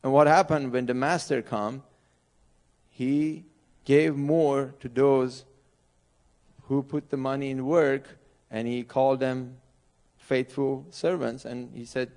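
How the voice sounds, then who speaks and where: Iranian-accented man preaching, gravelly voice. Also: medium pitch, a little mellow. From Iran. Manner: earnest, in broken English with laughs. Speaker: missionary pastor. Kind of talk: sermon. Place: church sanctuary.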